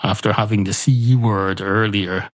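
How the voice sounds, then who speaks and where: A chatty barman who rambles on and on, pedantic about every point, as an Irish man plays him. The voice sits low and husky, with a dry, close sound. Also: fairly even intonation, unhurried, dry recording. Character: rambling, long-winded pub barman.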